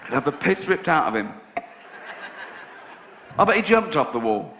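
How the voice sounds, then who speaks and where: Slightly high and sing-song, this middle-aged comedian from England keeps a moderate pace through a sardonic set full of swearing and character impressions. He's on stage in a big theatre before a live crowd, so the audio is echoey and noisy, with laughter rolling in.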